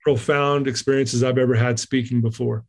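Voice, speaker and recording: A man's voice: mid-range voice, level tone, moderate pace. A middle-aged man telling a story as a podcast guest, acting out his own quotes with animation. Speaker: guest speaker.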